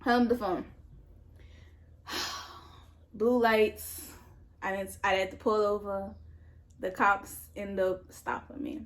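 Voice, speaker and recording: A young adult woman vlogger telling a story in casual chat, animated, repeating herself and swearing as she goes. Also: mid-range voice, slow, long pauses. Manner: animated, repetitive retelling with swearing. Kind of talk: casual storytime while eating.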